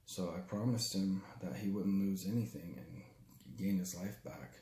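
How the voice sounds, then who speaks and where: Low-voiced man telling a painful story. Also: steady tone, warm tone, roomy sound. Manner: halting and raw, with frequent restarts and profanity. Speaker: storyteller recounting his father's death. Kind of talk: personal spoken testimony.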